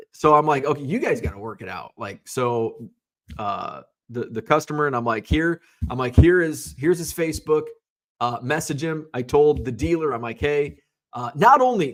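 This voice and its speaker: A middle-aged man hosting a casual livestream, telling stories in a profane, animated way and answering viewers. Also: a little high. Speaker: livestream host.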